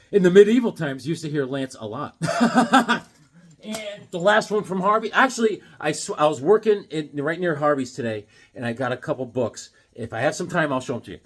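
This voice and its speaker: A man chatting casually on his vlog as he shows off new comics, rambling and excitable, throwing in corny jokes. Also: a little high. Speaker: comic book collector showing new comics.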